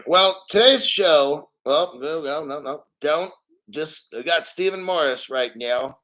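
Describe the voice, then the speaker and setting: A man's voice: on the high side, animated, slow pace, a bit bright. A man hosting a casual crypto livestream, a little out of breath, rambling and joking loosely as he reads donations.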